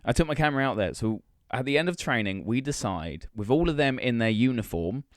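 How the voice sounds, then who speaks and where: A man's voice: medium pitch, fairly quick, dry recording, studio quality. A young man co-hosting a podcast, telling an anecdote in casual chat, swearing freely and acting out the dialogue. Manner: animated storyteller, swears freely, acts out dialogue. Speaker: podcast co-host.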